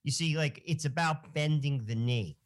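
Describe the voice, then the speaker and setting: Talk show host guy, bit high voice, preachy and emphatic. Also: moderate pace.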